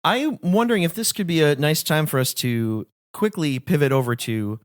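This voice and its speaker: A man's voice: on the high side, animated, normal speed, no room sound, studio quality. A man co-hosting a film podcast who lays out comparisons in an articulate, analytical way. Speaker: podcast co-host. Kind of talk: casual film discussion.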